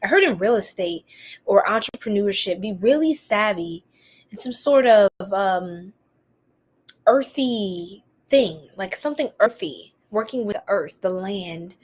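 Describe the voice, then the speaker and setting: A woman's voice: medium pitch, animated, unhurried. A woman hosting a live tarot reading, chatty and giggly, rambling with lots of fillers.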